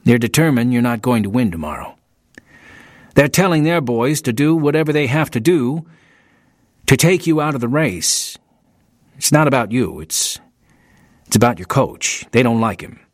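A man voicing a worried male college track coach who speaks hesitantly, with halting fillers, in an audiobook reading. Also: mid-range voice, lively intonation, no room sound, clean studio sound, natural voice. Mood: concerned.

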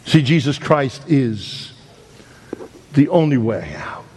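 A middle-aged man preaching a sermon, telling a story with dramatic swings between loud emphasis and hushed, slow lines. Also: mid-range voice, sing-song, husky. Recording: long hall reverb.

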